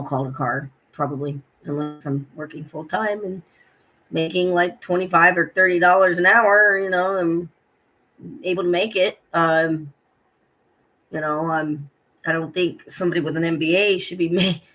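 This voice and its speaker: A woman's voice: on the low side, steady tone, normal speed, lo-fi sound. A middle-aged woman talking in a personal vlog, emotional and hurting, rambling with many fillers as she retells her day. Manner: rambling and heartfelt, full of fillers and retold dialogue. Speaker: vlogger.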